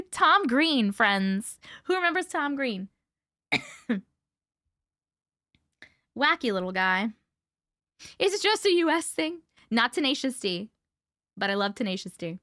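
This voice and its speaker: Bright, animated woman livestream host. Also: high-pitched, slow pace, pauses often, no room sound, studio quality. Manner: playful, laughs and coughs often. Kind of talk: casual live chat with viewers.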